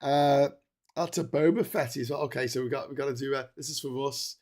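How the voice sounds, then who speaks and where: A man talks casually on a marathon livestream, reading viewer messages aloud. He is excitable and quick to laugh, often stumbling and restarting his sentences, and sounds tired from the long stream. His voice sits at an ordinary middle pitch. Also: background noise. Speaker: livestream host.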